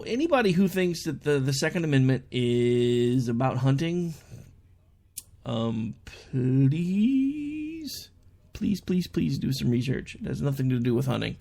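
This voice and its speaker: A man's voice: medium pitch, gravelly. A young adult man hosting an online talk show, chatting through a casual monologue and telling stories in which he quotes people in raised voices.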